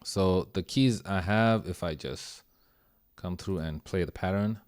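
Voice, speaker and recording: A man's voice: low-pitched, unhurried, clean tone, dry recording, studio quality. A man giving a casual, slang-filled lesson on music production, easygoing as he walks through sounds. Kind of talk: casual screen-share tutorial. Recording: music playing under the voice.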